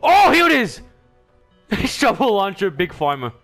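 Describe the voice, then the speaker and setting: A young man giving let's-play commentary, excitable and joking, often yelling and reacting loudly. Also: high-pitched, unhurried, faint music behind. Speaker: gaming YouTuber.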